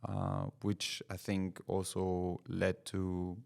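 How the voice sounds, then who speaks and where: A middle-aged man with a low voice and a gravelly edge talks casually as a podcast guest. He pauses often on fillers and laughs his way through stories. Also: monotone. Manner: hesitant, many fillers, laughs through anecdotes. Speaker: racing driver guest.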